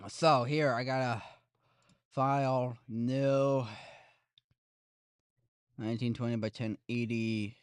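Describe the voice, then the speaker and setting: A young adult streamer chatting casually and excitedly with viewers while reacting to esports races. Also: mid-range voice, slow pace, long pauses, smooth, no room sound, clean studio sound. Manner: excitable, chatty, jokey, addresses viewers as guys. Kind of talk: casual live-stream commentary.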